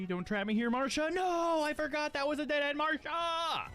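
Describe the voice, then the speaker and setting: A man's voice: very high voice, normal speed, hardly any pauses, sharp tone, soft background music. A man live streaming a game, chatting casually with viewers, often swearing and laughing.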